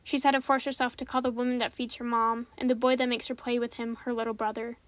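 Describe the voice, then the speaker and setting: A woman narrates a spooky story in a calm, steady voice. Her voice sits a little high, and she keeps it measured. The recording is dry and close, with no room sound. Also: dry recording.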